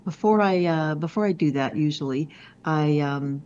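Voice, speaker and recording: Low-pitched woman consultant, animated storyteller with self-deprecating asides, heard through dull lo-fi video call audio. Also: moderate pace. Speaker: business consultant and speaker. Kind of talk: conversational storytelling interview.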